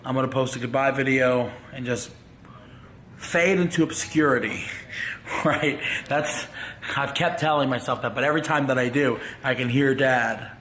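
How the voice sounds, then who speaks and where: A grieving man talking to his viewers in a halting, heartfelt farewell vlog. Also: mid-range voice, fairly bright tone, slight background noise. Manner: halting, grief-stricken. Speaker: vlogger.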